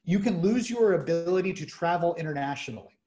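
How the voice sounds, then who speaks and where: A man hosting a podcast, explaining legal matters in measured, methodical lists. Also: fairly high pitch, lively intonation, warm tone. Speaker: criminal defense attorney host.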